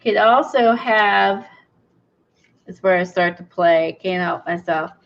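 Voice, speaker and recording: Over dull, lo-fi sound, a woman with a creaky, medium-pitched voice speaks slowly as she works on a craft project. The craft video host chats casually, thinks aloud, and gushes over small finds.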